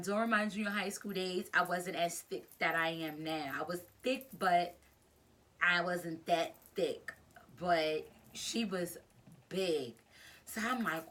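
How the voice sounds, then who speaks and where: A young woman YouTuber telling a casual storytime to her channel, rambling and animated, with lots of fillers. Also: on the low side.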